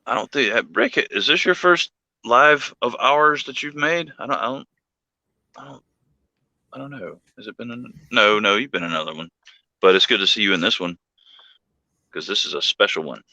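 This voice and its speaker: A man's voice: medium pitch, moderate pace, pauses often, bright, forceful tone, no echo, dull audio. A man co-hosting a livestream, chatting casually, rambling and joking and greeting viewers by name. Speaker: livestream co-host.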